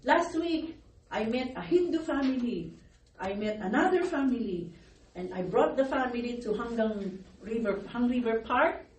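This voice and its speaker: A woman's voice: fairly high pitch, lively intonation, moderate pace, darkish tone. A middle-aged woman pastor preaching a sermon, her voice worn from crying, calling out for amens and laughing between phrases. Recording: echoey room, distant mic, faint noise.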